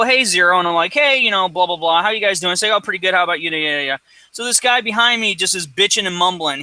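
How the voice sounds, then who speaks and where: Brief: rambling, profane man, high voice, dry close sound. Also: dry recording, rough recording. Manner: rambling, profane, animated storyteller. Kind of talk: casual chat storytelling.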